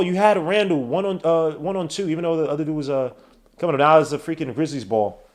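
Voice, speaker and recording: A man hosting a live watch-along podcast, calling the basketball game play by play with slangy, excitable talk that breaks into shouts at big plays. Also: a little high, fast. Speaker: podcast host doing play-by-play.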